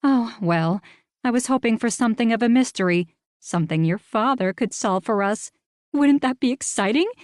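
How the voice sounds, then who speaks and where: Woman doing a high, shrill busybody, breathless, gushing, audiobook character. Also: no room sound, clean studio sound, lightly acted. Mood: wistful. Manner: breathless, rapid-fire questions. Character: excitable gossipy small-town woman.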